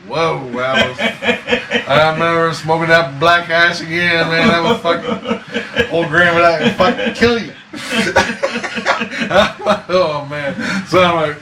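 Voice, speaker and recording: In a casual interview, a man with a fairly high, slow voice tells a wild personal story, swearing, laughing often and acting out voices. The recording is noisy and echoey, with him sitting far from the mic.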